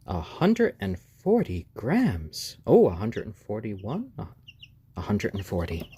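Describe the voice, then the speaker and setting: A man hosting a casual live stream, gently soothing and hushing his baby chicks and thanking viewers. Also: lowish voice, big pitch swings, a little slow, a little hiss or hum. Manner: reads out viewer names and thanks them.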